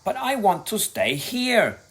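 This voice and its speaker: A cheeky scheming little boy, as a man puts him on for a storybook. He sounds mischievous and theatrical, his pitch swinging widely. The lines come slowly and deliberately. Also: wildly swooping pitch, a bit bright, heavily acted. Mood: whiny.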